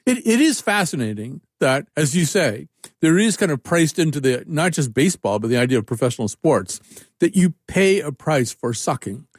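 A man's voice: fairly high pitch, big pitch swings, normal speed, no room sound, studio quality. A man hosting an interview, musing in a reflective way before he asks his guest for his thoughts. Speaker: interviewer host. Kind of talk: conversational interview.

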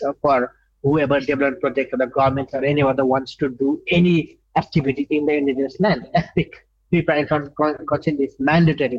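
A man from Nepal, an indigenous rights advocate answering interview questions earnestly, pausing often with fillers. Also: mid-range voice, breathy edge, dry recording, muffled recording. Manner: earnest, halting with many fillers.

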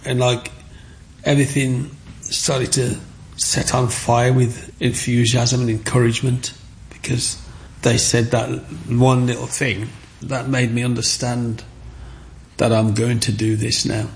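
An older man with a gravelly, creaky voice. He tells his stories with animated warmth, at an ordinary pitch, and now and then slips into other people's voices. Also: unhurried, slight background noise. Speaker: interviewee. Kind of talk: storytelling interview.

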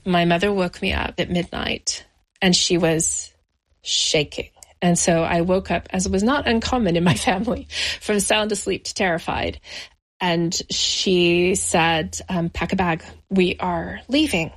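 A middle-aged woman as an interview guest, recounting her childhood in a reflective, measured way with slow pauses. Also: on the low side, fairly even intonation. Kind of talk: personal memoir interview.

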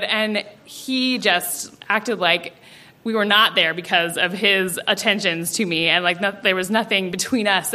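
A young woman telling a personal story live on stage, animated and self-mocking, often laughing through her lines. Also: mid-range voice, slight background noise. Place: stage at a story slam before an audience.

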